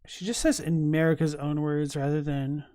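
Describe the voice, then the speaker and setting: A man's voice: fairly high pitch, steady tone, moderate pace, mellow, dry recording, clean studio sound. A man casually chatting on a live stream, thinking aloud with many fillers and restarts while reading chat messages. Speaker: streamer reacting to game lore.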